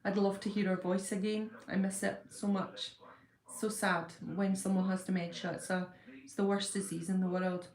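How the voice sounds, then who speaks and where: A woman's voice: mid-range voice, level tone, normal speed, a little mellow. A woman in her fifties hosting a casual live stream, greeting viewers and reading their comments aloud in a chatty way with many ums and apologies. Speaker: livestream host. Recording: roomy echo.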